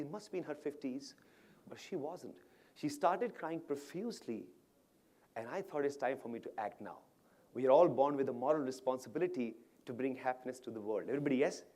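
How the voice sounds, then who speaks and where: A man's voice: mid-range voice, animated, brisk, mellow. A man giving a motivational keynote on stage, telling a story dramatically and pulling the audience in with questions. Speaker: motivational speaker. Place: stage at an awards event.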